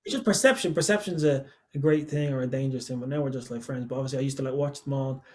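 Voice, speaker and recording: A man's voice: medium pitch, very fast. A young man in his twenties, a podcast guest and songwriter, talking casually, rambling with lots of fillers and poking fun at himself. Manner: rambling, filler-heavy, self-deprecating.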